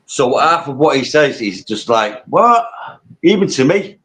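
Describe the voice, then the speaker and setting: Northern english bloke, blunt, swears a lot, casual chat, middle pitch. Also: male voice, animated, moderate pace, fairly bright tone. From England. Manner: blunt, swears freely, laughs often. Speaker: panel guest.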